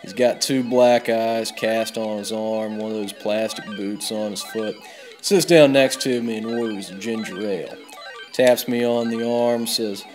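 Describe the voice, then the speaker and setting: Low-voiced guy drawling a swear-filled bar story, deadpan, soft guitar in the back. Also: normal speed. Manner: deadpan drawl, swears freely, loud bursts on quoted yells. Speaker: let's play host. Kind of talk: comic rambling tall tale over gameplay.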